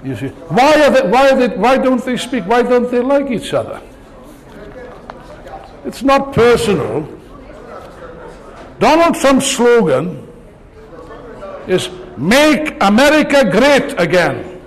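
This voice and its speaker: A man's voice: extremely high pitch, sing-song, slow pace, pauses often. An older man giving a rousing political speech, sarcastic and full of rhetorical questions, before an audience in a large hall. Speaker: political speaker.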